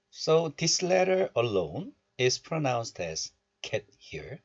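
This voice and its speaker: In a recorded lesson on Korean pronunciation, a man with a mid-range, very animated voice explains things step by step and slowly repeats syllables for learners. The audio sounds dull.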